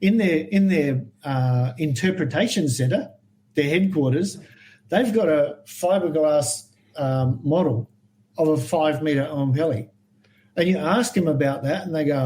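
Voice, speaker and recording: An Australian herpetologist, appearing as a guest on a podcast, tells animated stories at a moderate pace in a voice that sits a little high. He acts out what people said to bring them to life and keeps the tale moving. The recording quality is low.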